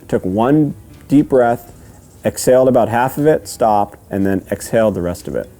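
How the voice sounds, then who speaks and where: A man's voice: mid-range voice, animated, mellow, faint music behind. Man patiently teaching a how-to lesson. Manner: patient, repeats steps, checks in with "okay?"; counts out rhythms slowly and sings the cadence. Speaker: duck calling instructor. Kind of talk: step-by-step instruction.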